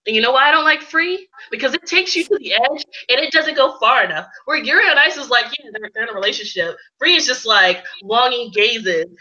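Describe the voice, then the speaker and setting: A woman's voice: a little high, fairly quick, hardly any pauses. A woman streamer ranting animatedly in casual chat, gushing as a fan. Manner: animated, gushing fangirl rants. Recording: dull lo-fi stream audio.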